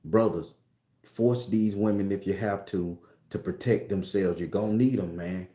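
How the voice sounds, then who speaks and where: A man's voice: deep voice, normal speed, mellow. A man ranting casually to his viewers as a spiritual vlogger, profane, rambling and preachy. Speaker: spiritual tarot reader vlogger. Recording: roomy echo.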